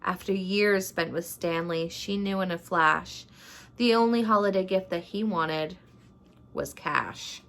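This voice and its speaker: A woman vlogger reading a rhyming picture book aloud at home at night, in an unhurried storytelling way, then chatting casually. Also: lowish voice, vocal fry, a bit bright. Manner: unhurried storytelling, laughs between lines.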